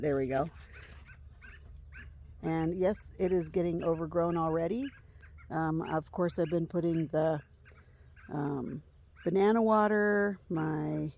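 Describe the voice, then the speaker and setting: A woman's voice: on the low side, darkish tone, a little hiss or hum. A woman giving a chatty, meandering walkthrough of her home garden in a casual vlog. She fills her speech with frequent ums as she strolls outdoors. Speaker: gardening vlogger.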